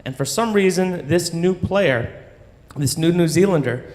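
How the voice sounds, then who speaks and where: A man telling a story live on stage in an animated, profane way, often checking in with "right?". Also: a little high, measured pace. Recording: long hall reverb.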